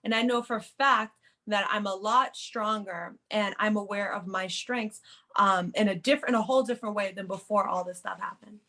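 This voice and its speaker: A woman in casual podcast chat, telling her story in an animated way and quoting what she told herself. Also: medium pitch, moderate pace. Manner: animated, quotes her own inner talk. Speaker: podcast co-host.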